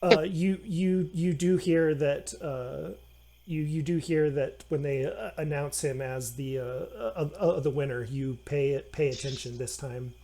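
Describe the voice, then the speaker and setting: A man narrating a tabletop game as game master, halting with many fillers and restarts. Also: a little high, background noise.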